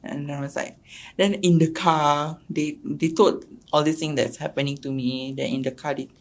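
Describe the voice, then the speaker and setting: Low-voiced Singaporean woman telling her story. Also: moderate pace. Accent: Singaporean English. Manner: animated, acts out quotes with sharp jumps in pitch and loudness. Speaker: podcast guest. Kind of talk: personal storytelling interview.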